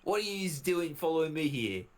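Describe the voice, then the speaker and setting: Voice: medium pitch, very animated, moderate pace, a little hiss or hum, close to an everyday voice. A streamer voicing a boastful wealthy man in a mock Irish accent that slides toward Australian, reading game dialogue aloud. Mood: cheery brash. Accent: mock Irish drifting into Australian. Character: boastful wealthy male stranger, folksy and brash.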